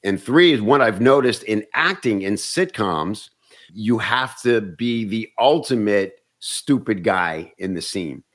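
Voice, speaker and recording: A comedian and actor telling stories in casual chat, animated and often restarting words. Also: male voice, lowish voice, a little slow.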